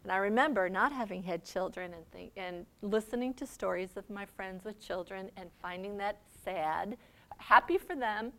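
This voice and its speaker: A middle-aged woman giving a faith seminar talk, conversational and quick to laugh, often checking in with "okay?". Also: medium pitch, bright, forceful tone. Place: seminar room.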